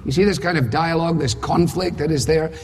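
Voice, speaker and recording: Emphatic preacher with a husky voice. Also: male voice, fairly high pitch, a little fast. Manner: emphatic, rhetorical questions, dry humor. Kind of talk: sermon. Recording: husky voice in reverberant hall.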